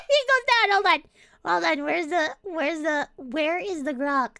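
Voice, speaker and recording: A woman's voice: extremely high pitch, lively intonation, slow, gravelly, pushed and bright, no room sound. A woman streamer in casual chat, laughing and swearing while reading comments aloud into a close desk mic.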